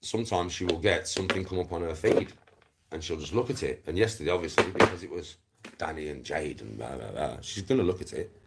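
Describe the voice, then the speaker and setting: A man's voice: low-pitched, expressive, a little fast, vocal fry, heavy background noise. A middle-aged man with a Black Country accent ranting on a livestream, sweary, scornful and repetitive. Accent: Black Country English. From England. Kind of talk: angry livestream rant.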